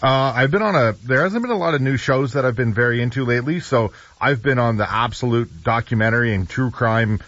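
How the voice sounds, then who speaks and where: A man's voice: medium pitch, fairly quick, few pauses, a bit bright, no room sound. A man co-hosting a casual chat show, speaking in an easygoing, slightly hesitant way. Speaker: co-host. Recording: dry, dull lo-fi sound.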